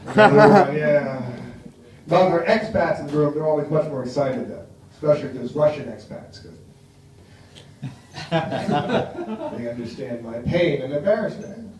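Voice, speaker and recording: Man, American accent, stand-up comedian, wry crowd work, slightly high voice, very echoey distant room. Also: expressive, normal speed, pauses often, a little mellow. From United States. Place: small café bar. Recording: echoey room from far off, faint noise.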